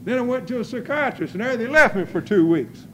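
An older man preaching a testimony sermon in folksy storytelling style, breaking into loud praise. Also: extremely high pitch, lively intonation, fairly quick, slight background noise, low-quality recording.

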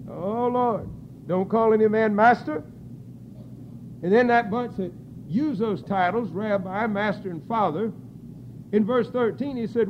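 A man preaching a sermon, crying out scripture at full force and then dropping to quiet, low asides. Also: dull audio, a little hiss or hum.

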